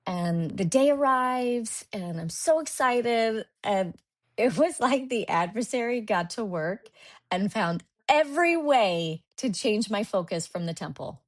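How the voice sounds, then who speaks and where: A woman's voice: medium pitch, lively intonation, a little slow. A young woman in her twenties telling a personal story as a guest on a podcast interview, acting out her past thoughts as she goes.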